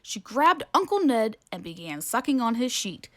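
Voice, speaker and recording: A woman reading a children's picture book aloud with playful, expressive narration. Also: a little high, normal speed. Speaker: storybook reader.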